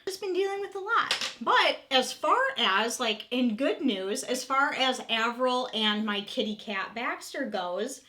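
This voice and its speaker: Thirtysomething woman vlogging real and raw, kinda high voice, swears a lot, says like constantly. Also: animated, unhurried, bright, forceful tone, slight background noise. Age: 30s. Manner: candid, emotional, swears freely, many "like" fillers. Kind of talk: casual confessional vlog chat.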